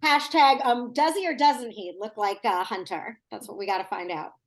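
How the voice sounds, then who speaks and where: A woman's voice: a little high, fairly even intonation, normal speed. Upbeat chatty woman co-host. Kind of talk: casual chat.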